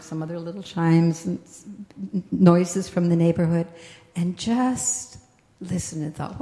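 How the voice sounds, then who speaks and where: A woman minister preaches in a gentle, reflective way, drawing out her key phrases. Her low voice is mellow and gravelly. The sound rings with the long reverb of a roomy hall. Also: fairly even intonation, measured pace. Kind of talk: sermon.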